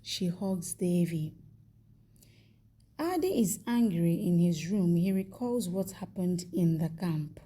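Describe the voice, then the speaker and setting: A woman reads out a soap opera recap in a slow, unhurried delivery. Her voice is low and mellow, with a husky edge, and she keeps a flat, even storytelling tone. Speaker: recap narrator. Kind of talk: scripted plot recap narration.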